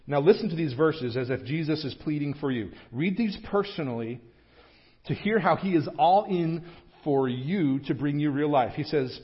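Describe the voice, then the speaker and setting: Male pastor, fairly high voice, earnest emphatic preaching, muffled lo-fi church recording. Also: normal speed. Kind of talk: sermon. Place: church sanctuary.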